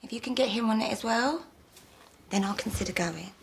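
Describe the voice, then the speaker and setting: A woman's voice: on the high side, brisk, creaky, slight background noise. A woman playing a glamorous, dramatic soap actress in a TV comedy drama.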